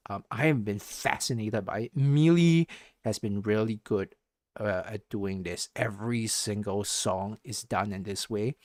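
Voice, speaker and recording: A man's voice: on the low side, measured pace, a little mellow, no echo, studio quality. A man with Southeast Asian English, switching into a more American-sounding accent, chatting casually on a live stream, rambling and correcting himself as he hums musical beats. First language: not English.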